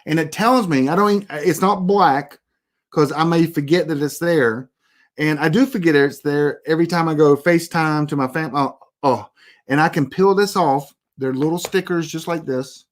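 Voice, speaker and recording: A man with a somewhat high voice talks viewers through privacy tips in a casual tutorial. He is emphatic, repeating warnings like a worried coach, and drifts into rambling asides. The sound comes through a computer or phone mic. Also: normal speed. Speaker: presenter giving a privacy tutorial. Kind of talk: casual instructional talk.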